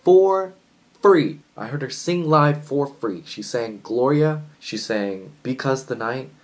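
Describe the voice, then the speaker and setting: A young man chatting casually in a book vlog, excitable and a little jittery from coffee, swinging between loud enthusiasm and quiet musing. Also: mid-range voice, measured pace, low-quality recording. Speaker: book vlogger.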